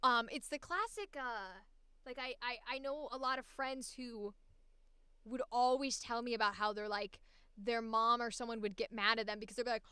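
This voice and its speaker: A woman's voice: fairly high pitch, normal speed, pushed and bright, clear, resonant tone, dry recording. A woman voice actor chatting casually on a livestream, laughing often and swearing freely. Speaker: voice actor streamer.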